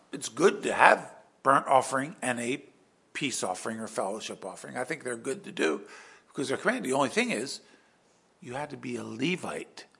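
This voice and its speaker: Male pastor, husky and bright-voiced, dramatic emphatic sermon style. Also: medium pitch. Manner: emphatic, dramatic storytelling, swings between hushed and loud.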